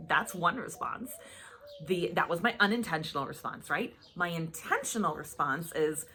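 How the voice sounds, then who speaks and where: A woman's voice: fairly low pitch, moderate pace, slight background noise. A woman life coach teaching a self-help lesson in a casual way, checking in with "okay?" and "right?" after each point and acting out her examples. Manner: acts out examples in lively voices.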